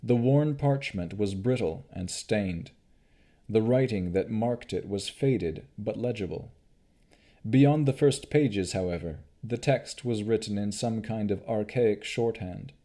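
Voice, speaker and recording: A man narrating an audiobook of a fantasy novel in a measured, deliberate reading. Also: on the low side, warm tone.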